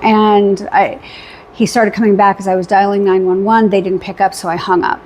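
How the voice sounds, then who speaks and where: A woman's voice: mid-range voice, normal speed, a little hiss or hum. A woman vlogger casually recapping her weekend, chatty and rambling with fillers, acting out what was said. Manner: animated retelling with quoted dialogue.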